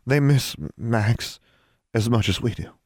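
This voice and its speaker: A man voicing a gentle, sad teenage witch girl in an audiobook, speaking softly and murmuring. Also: mid-range voice, a little slow, no room sound, studio quality, voice pushed up, natural voice. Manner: soft, murmuring. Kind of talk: audiobook character voice.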